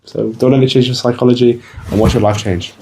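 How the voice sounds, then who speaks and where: A man's voice: mid-range voice, fairly even intonation, fast, dark tone, a little hiss or hum. A young man gives blunt, casual fitness advice to the camera, swearing freely and calling the viewer bro. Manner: blunt, swears a lot, says bro often. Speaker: fitness vlogger. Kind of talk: casual motivational talk to camera.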